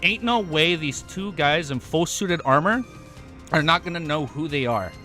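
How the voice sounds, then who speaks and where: A man's voice: on the high side, normal speed, sharp tone, faint music behind. A young man live-streaming in casual chat, hyped up, swearing often and rambling with restarts.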